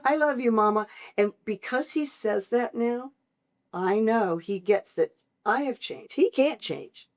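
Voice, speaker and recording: A middle-aged woman, a family caregiver, speaking candidly in an interview and acting out voices as she tells her stories. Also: takes it slowly. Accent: Southern American. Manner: animated storyteller, acts out quoted voices with big pitch jumps.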